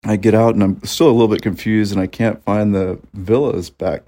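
A man's voice: lowish voice, steady tone, fairly quick, warm tone. A man, a listener, telling a story in a voice message in a wry, matter-of-fact way. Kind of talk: voice-message anecdote.

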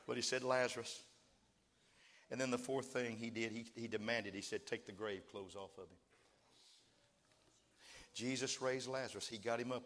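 A man preaching a sermon, emphatic and building to shouted cries. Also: lowish voice, long reverb tail. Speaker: pastor.

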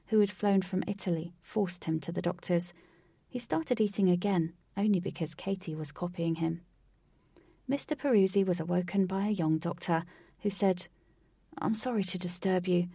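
Husky, creaky-voiced woman narrating a story. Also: fairly low pitch, warm tone, no room sound. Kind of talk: storybook reading aloud. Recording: distant from the mic, dry.

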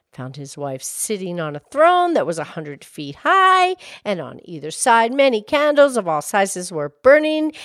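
Female storyteller, slow and expressive, animated pitch. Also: dry recording, clean studio sound. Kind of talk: reading a fairy tale aloud.

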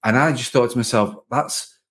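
A man's voice: medium pitch, normal speed, a bit bright. A man hosting a podcast, talking in a loose, rambling way with many restarts. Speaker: podcast host. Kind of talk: casual interview chat.

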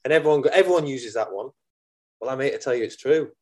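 A middle-aged man with a British accent, speaking at an even middle pitch. He guests on a podcast as a mindset coach and talks in a positive, earnest, motivational way. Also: fast talker. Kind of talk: casual interview chat.

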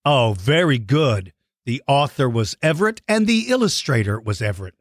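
A man hosting a children's podcast, reading out listener shout-outs and praising their artwork in a playful, encouraging way. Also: mid-range voice, very animated, moderate pace, no echo, clean studio sound. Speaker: podcast host.

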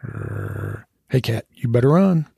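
A man voicing an excitable, territorial female border collie who blusters threats at a cat. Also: mid-range voice, slow pace, gravelly, slightly rough, dry recording, clean studio sound, exaggerated voice. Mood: bristling.

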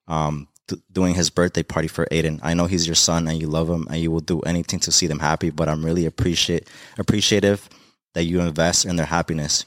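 A man's voice: low-pitched, no room sound, clean studio sound. A young man from Mexico, a podcast guest, talking in a heartfelt, rambling way with many fillers about being a dad. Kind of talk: emotional casual conversation.

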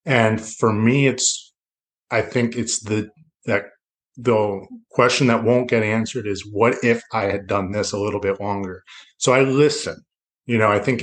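On the low side, the voice belongs to a middle-aged loan officer from South Florida guesting on a podcast. He speaks in a reflective, rambling way during casual interview talk, restarting often.

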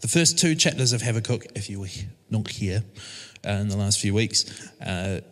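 An expressive, fairly low and fairly bright male voice preaches at normal speed. He's a church team member giving a casual, hesitant sermon thick with fillers and restarts, and the church service room adds a long hall reverb.

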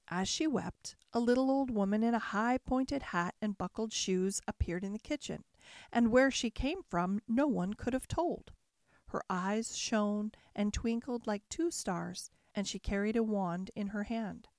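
A woman reading a classic fairy tale aloud in a measured, expressive storybook style. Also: mid-range voice, dry recording, studio quality.

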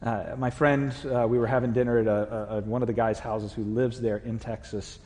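A man's voice: mid-range voice, little pitch movement, fairly quick, warm tone. Man preaching in a reverberant hall. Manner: conversational, asks the congregation questions. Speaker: pastor. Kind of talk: sermon. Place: church sanctuary.

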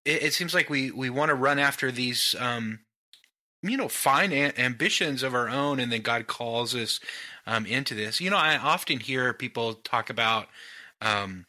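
A man hosting a casual podcast conversation, relaxed and friendly, with lots of "like" and "um". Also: medium pitch, normal speed. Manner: relaxed, friendly, many fillers like "like" and "um". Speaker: podcast host.

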